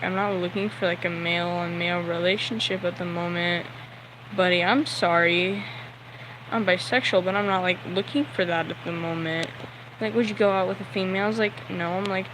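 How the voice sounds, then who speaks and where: A man's voice: high voice, background noise. A young man telling a story on a livestream, nervous and sweaty, talking in a rambling way full of "like" and acting out the people in his story.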